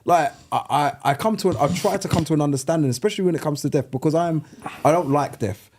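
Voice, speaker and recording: Man, podcast co-host, rapid delivery, mellow dark tone, lively storyteller. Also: a little high, a little hiss or hum. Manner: animated storyteller, acts out his own past words. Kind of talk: casual group chat.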